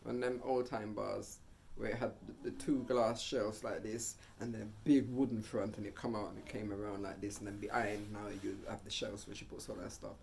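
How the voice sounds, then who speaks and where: A man vlogging a casual storytime monologue, animated, getting loud and high at tense moments. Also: brisk, vocal fry, a little hiss or hum.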